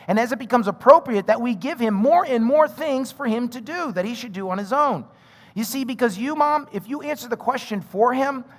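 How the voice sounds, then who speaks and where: A man preaches with a fairly high voice, shifting into animated storytelling and quick acted-out lines. His sermon rings with the long reverb of a large hall. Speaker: pastor.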